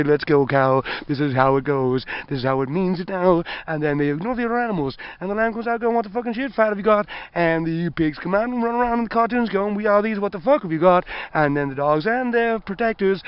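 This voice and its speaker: High-voiced man, rapid-fire improvised rant, crude and rambling, dull lo-fi sound. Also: clean tone, no echo. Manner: rambling, profane stream of consciousness. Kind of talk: improvised spoken-word rant.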